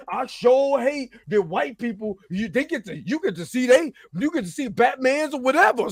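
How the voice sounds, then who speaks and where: A man's voice: very high voice, big pitch swings, moderate pace, creaky, hardly any pauses, breathy edge, no echo, clean studio sound. A man hosting his own show, ranting animatedly about pop culture, repeating himself and swearing. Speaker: show host.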